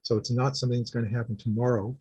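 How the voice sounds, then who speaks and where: A man making a public comment at a community board meeting, earnest and halting, with many restarts. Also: mid-range voice, flat delivery, mellow, lo-fi sound, slight background noise.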